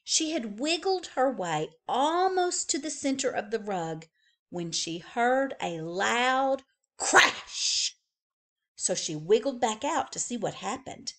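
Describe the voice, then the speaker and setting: A woman librarian reading a picture book aloud to young children, slow and expressive. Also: a little high.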